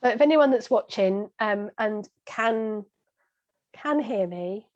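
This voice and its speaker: A woman's voice: mid-range voice, slow, a little mellow, highs cut off. A chatty woman with a slight Kent accent, a guest on a live video-call interview, talking straight to her viewers. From Kent, England. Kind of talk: casual live-stream chat.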